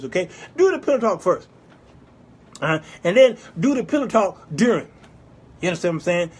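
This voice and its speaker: A man hosting a casual live-stream advice show, animated and teasing, breaking into sudden loud outbursts and answering viewer comments aloud. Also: high-pitched, husky. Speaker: talk show host.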